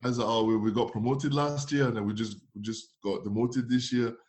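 Animated man telling a football story. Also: mid-range voice, fairly quick. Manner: animated, acts out dialogue with laughs. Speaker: former footballer. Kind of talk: casual anecdote telling.

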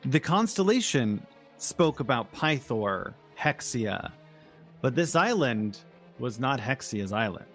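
A man narrating and ruling as game master of a tabletop game, explaining in a measured way. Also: mid-range voice, big pitch swings, a bit bright, soft background music.

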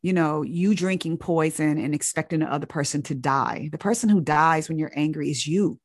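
Low woman, earnest storyteller, dry close sound, physician recounting a patient. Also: moderate pace, dry recording. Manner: earnest, searching, with many restarts. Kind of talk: reflective storytelling.

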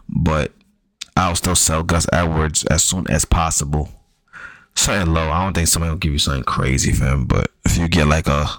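A man's voice: sits low, fairly bright tone, dry recording, poor audio. A man talking loosely and casually through fantasy football advice, slangy and repetitive, with frequent ums and the odd curse.

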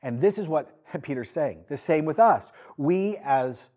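A man's voice: fairly high pitch, a little slow. A male pastor preaching a sermon, acting out scripture quotes with rising emphasis. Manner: animated, acts out quoted lines with rising emphasis.

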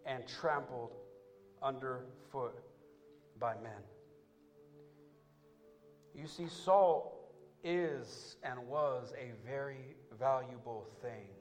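High-voiced preaching pastor, man. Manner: animated preaching, rising to loud climaxes; calls out to the congregation. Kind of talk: sermon. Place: church.

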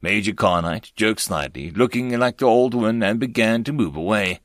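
A man narrating a web-novel audiobook in an expressive storytelling manner, close to the mic. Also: lowish voice, normal speed, few pauses, no room sound.

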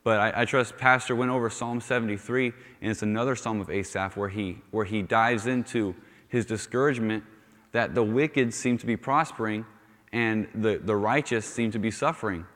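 A man's voice: fairly low pitch, moderate pace, fairly bright tone. A male youth pastor giving a conversational sermon, often restarting phrases and saying "you know". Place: church sanctuary. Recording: long reverb of a church hall.

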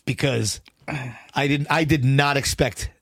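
A man co-hosting a podcast, chatting casually about songs with rambling restarts, swearing often, his voice hoarse and worn out. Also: mid-range voice, steady tone, slow, fairly bright tone, no room sound, studio quality. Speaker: podcast co-host. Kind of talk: casual chat about music.

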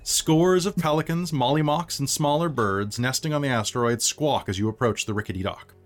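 A man hosting a podcast and narrating as game master in a relaxed, chatty way. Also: medium pitch, fairly quick. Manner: relaxed, chatty, stumbles over words.

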